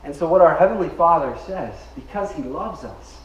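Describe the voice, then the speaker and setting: A male pastor preaches a sermon, pitched a little high for a man and pressing his points with emphasis. He gets the congregation to repeat words back to him. The sound is roomy and echoey, picked up from some distance in a church. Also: animated, normal speed. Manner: emphatic, leads the congregation in call-and-response. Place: church sanctuary. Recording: echoey room, mic at a distance.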